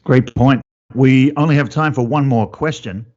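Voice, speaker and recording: A man's voice: medium pitch, moderate pace, darkish tone, lo-fi sound. An Australian man hosting a podcast, who keeps the interview banter light and teasing. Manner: jokey, teasing, upbeat host banter. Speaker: podcast host.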